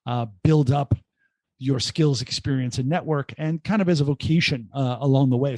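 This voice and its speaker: A middle-aged man, an entrepreneur guest, telling his story in a casual podcast interview with animated, joking asides. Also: mid-range voice, no room sound. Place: remote call.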